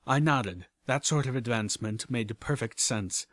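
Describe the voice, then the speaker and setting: A man reading a first-person story aloud in a steady, even storytelling manner. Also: mid-range voice, normal speed, hardly any pauses, dry recording. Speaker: audiobook reader. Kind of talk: first-person audiobook narration.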